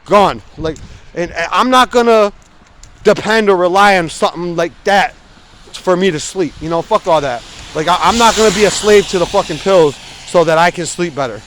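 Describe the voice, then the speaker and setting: A man's voice: sits high, normal speed, fairly bright tone, slight background noise. A man in his forties vlogging while he walks outside in the cold, talking bluntly with lots of swearing. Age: 40s. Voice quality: frequent swearing, blunt and emphatic. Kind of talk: casual walking vlog rant. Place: outdoors on a city street, walking in the cold. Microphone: phone camera held while walking.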